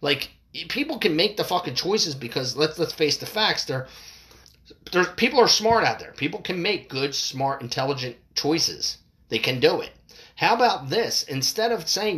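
Impassioned parent with a wildly swinging pitch. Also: very animated, moderate pace, fairly bright tone. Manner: impassioned, profane, voice jumping up when worked up. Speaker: parent ranting to camera. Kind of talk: heated opinion rant.

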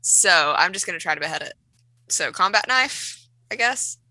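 A woman's voice: lowish voice, lively intonation, moderate pace, bright, forceful tone, no echo, rough recording. A woman playing a tabletop game, casual and swearing freely. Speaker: player.

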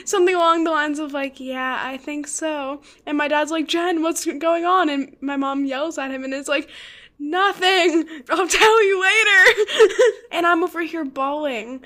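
A young woman co-hosting a podcast who tells stories in an animated way and laughs often. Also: high voice. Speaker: podcast co-host. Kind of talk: casual chat.

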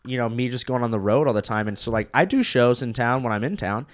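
A man of middling pitch guesting on a podcast as a comedian. He talks in a laid-back, casual way, swearing and dropping "dude" and "bro" as he goes. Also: fast talker. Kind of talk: casual chat.

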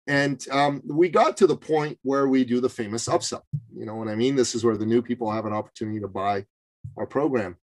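A man from Canada telling a story as a guest on a podcast, in an animated and emphatic way. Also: medium pitch, no room sound, poor audio. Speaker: podcast guest, business coach. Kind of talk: interview storytelling.

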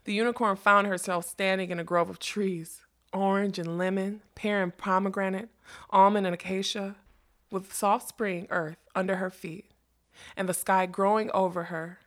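A woman reads a storybook aloud in a measured, expressive manner. Her voice sits in a middle register, steady and unhurried. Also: medium pitch. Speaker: narrator. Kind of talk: storybook reading.

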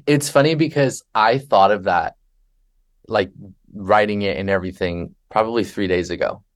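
Lively low-voiced man telling stories. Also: normal speed. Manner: animated storyteller who acts out passengers and himself. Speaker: podcast guest, flight attendant. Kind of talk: conversational podcast interview.

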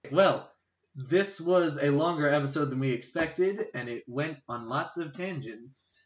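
A man's voice: a little high, unhurried, roomy sound, lo-fi sound. A man co-hosting a podcast in casual chat, cracking jokes and laughing often. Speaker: podcast co-host.

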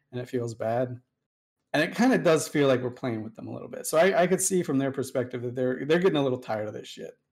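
A man spinning a casual, rambling story at an ordinary mid pitch. He swears freely, laughs at himself and slips into quoted dialogue without changing his voice much. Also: darkish tone. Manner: laid-back, profane, self-mocking, acts out quoted dialogue. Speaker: storyteller recounting online game history.

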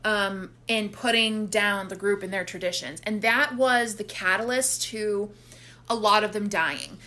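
A woman casually recapping a horror film plot, animated and quick to act out the characters' lines. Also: medium pitch. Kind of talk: casual movie recap chat.

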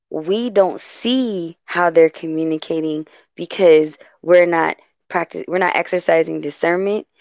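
A woman from the West Coast hosting a casual talk, rambling and animated, often stopping herself mid-thought. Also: fairly low pitch, no room sound. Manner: animated, rambling, self-interrupting. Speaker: host. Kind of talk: casual talk show chat.

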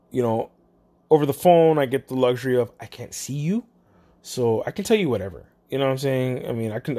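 Speaking in a mellow mid-range voice with a breathy edge, this person delivers a chatty, profane monologue to camera. The topic is phone customer service work, discussed bluntly and with plenty of swearing.

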